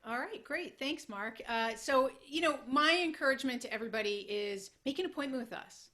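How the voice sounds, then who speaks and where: Upbeat, bright-voiced woman presenter. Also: sits high, fairly quick. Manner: upbeat, encouraging. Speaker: productivity consultant and co-presenter. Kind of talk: webinar presentation.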